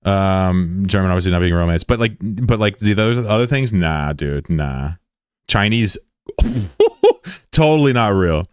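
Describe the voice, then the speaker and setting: A man's voice: low voice, moderate pace, clear, resonant tone, no echo, studio quality. A young man chatting casually on a game livestream, joking and sarcastic in a rambling way. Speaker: game streamer.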